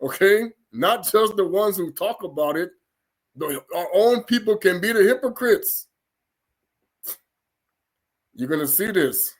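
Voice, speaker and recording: A man with a slightly high voice leads a casual scripture lesson at an unhurried pace. He sounds out unfamiliar words one syllable at a time, then breaks into animated, laughing asides. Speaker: religious teacher. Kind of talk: informal scripture reading lesson.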